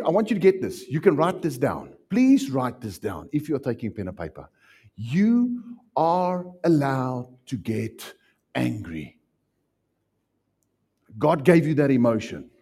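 A man preaching a sermon as pastor, animated and acting out little voices as he teaches. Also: mid-range voice, a little slow, slightly rough. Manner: animated, acts out voices, laughs often.

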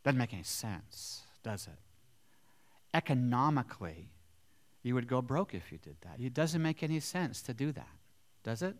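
A man's voice: mid-range voice, big pitch swings, normal speed. A male pastor giving a sermon in a conversational way, often asking his congregation rhetorical questions.

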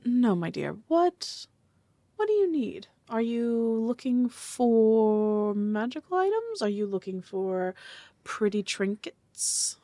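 A woman's voice: a little high, sing-song, slow pace, warm tone, no room sound, full character voice. A woman voicing a shrewd, haggling male merchant who stammers cagily while bargaining, in a tabletop role-play. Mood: coaxing. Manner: hesitant, cagey bargaining with stammers.

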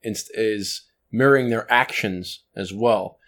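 A man co-hosting a relaxed chat, explaining ideas through acted everyday examples. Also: on the low side, takes it slowly. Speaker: podcast co-host. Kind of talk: casual chat about books.

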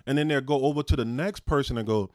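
A man's voice: mid-range voice, quick pace, darkish tone, dry recording. Laid-back man rambling a gig story. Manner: laid-back, many fillers and "you know". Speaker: comedian podcast co-host. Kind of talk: casual chat.

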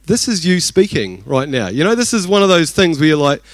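A man's voice: a little high, big pitch swings, a little fast, no echo. A man with a New Zealand accent preaching a sermon, telling a personal story in a chatty, self-deprecating way. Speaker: pastor.

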